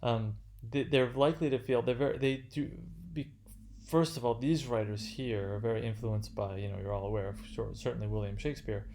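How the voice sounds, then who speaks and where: Halting male literature lecturer. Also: mid-range voice, fairly even intonation, warm tone, slight background noise. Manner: halting, many fillers and restarts. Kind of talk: unscripted lecture.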